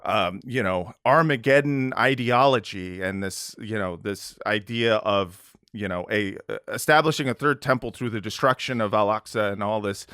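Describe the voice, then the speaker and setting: A man's voice: on the low side, normal speed, few pauses, pushed and bright, smooth, no room sound, clean studio sound. An American man co-hosting a podcast, talking in a rambling, casual way with lots of fillers. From United States. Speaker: podcast co-host. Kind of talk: casual political chat.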